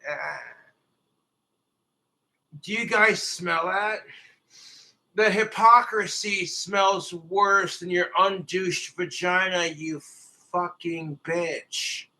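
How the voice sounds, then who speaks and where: A man rants crudely on a livestream, swearing freely as he talks to his viewers. His voice sits a little high and comes out forceful and tense. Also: extremely slow, long pauses, rough recording. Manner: crude, profane, ranting. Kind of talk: livestream rant.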